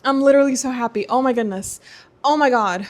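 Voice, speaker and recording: A woman hosting a casual video, chatting in a gushing, excitable way. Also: high voice, a little fast. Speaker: booktuber host. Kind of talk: casual vlog chat.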